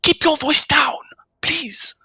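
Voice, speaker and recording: Man putting on a high hushed frightened stranger. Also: slow pace, no echo, exaggerated voice. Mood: hushed urgent. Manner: hushed and pleading. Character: frightened stranger hiding in a balloon basket.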